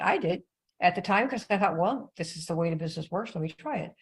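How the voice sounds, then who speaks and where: An older woman coaching on network marketing in an animated, conversational live-stream talk. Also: fairly low pitch, quick pace, slightly rough, low-quality recording.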